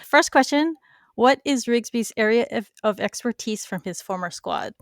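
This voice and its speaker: Lively high-voiced woman podcast host. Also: normal speed. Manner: upbeat, giggly, chatty. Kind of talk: podcast interview.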